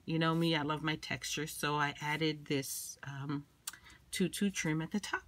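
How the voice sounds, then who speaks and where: A woman showing a handmade craft project in a casual, chatty way. She is losing her voice, clears her throat often and fills pauses with ums. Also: deep voice, sharp tone. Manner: chatty, lots of ums and uhs. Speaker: craft vlogger.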